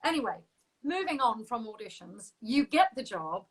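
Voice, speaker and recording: A woman hosts a casual interview in a slightly high voice. She chats fast and laughs easily, trading anecdotes with her guest. Her tone stays friendly and talkative. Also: very animated, breathy edge, rough recording. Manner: quick, laughing, chatty. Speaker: interview host.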